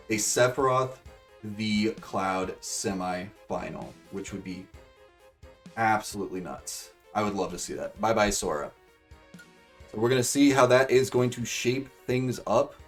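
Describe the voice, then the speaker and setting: A man casually commentating computer-controlled fighting game matches for viewers, rambling with fillers and bursting into excitement at big moves. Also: lowish voice, distant mic. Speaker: streamer commentating AI fight bracket.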